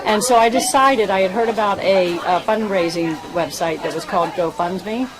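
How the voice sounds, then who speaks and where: An earnest woman volunteer speaks at an outdoor event, her words halting and full of feeling. She talks at a middle pitch, and a crowd chatters clearly behind her. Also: low-quality recording. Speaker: volunteer fundraiser. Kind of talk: heartfelt speech at a public event.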